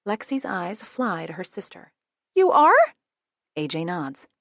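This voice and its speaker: A woman's voice: fairly low pitch, lively intonation, normal speed, no room sound, clean studio sound. A woman narrating a romance audiobook in the first person, switching into many character voices.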